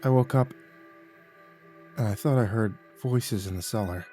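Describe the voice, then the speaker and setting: A man narrating a first-person horror story in a measured, hushed manner, often dropping quiet. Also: on the low side, soft background music.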